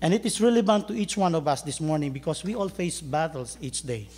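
High-voiced pastor preaching a sermon. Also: male voice, expressive, a little fast, a little mellow. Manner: storytelling, joking with the congregation.

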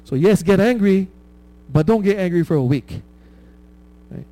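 A man's voice: sits high, sing-song, normal speed, dark tone. A man preaching a conversational sermon, often asking "right?" and laughing at his own stories.

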